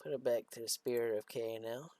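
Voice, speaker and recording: A man giving casual commentary on a train simulator game, talking in a slow, halting way and chuckling as he reads out memes. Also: medium pitch, steady tone, warm tone, dry recording. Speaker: train simulator video host.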